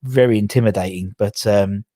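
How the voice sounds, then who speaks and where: A man's voice: lowish voice, normal speed, dark tone, no echo, clean studio sound. A man hosting a casual football chat, telling stories in a rambling way with lots of fillers and restarts. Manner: chatty, rambling storyteller with frequent fillers and restarts. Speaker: podcast host.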